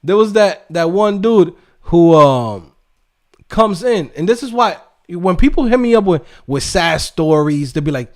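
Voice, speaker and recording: A man hosting a coding livestream, ranting in a profane, animated way and mimicking people in quick mocking voices. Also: high voice. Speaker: livestream host and coding instructor. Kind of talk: profane casual livestream rant.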